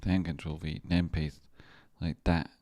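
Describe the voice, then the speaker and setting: A man's voice: low voice, little pitch movement, a little slow, warm tone, no echo. A man with a Scottish accent, mumbling and muttering to himself as he chats casually on a live stream. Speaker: livestreamer and stock chart analyst.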